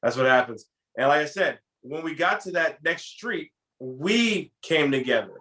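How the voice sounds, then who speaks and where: Animated storytelling man with a bright voice. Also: fairly high pitch, moderate pace. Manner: animated, acts out quoted lines. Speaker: podcast co-host telling a story. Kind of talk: casual storytelling.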